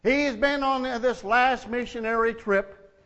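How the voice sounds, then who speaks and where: A man's voice: extremely high pitch, unhurried, fairly bright tone, big-room sound, lo-fi sound. A male pastor preaching a sermon, telling jokes and stories in a folksy, humorous way.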